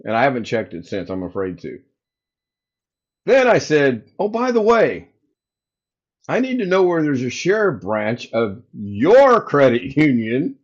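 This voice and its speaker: A man's voice: medium pitch, wildly swooping pitch, measured pace. A man hosting a casual livestream from home, telling a story and acting out both sides of a phone call. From United States. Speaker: livestream host. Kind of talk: casual storytelling to live chat. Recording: slightly dull lo-fi sound.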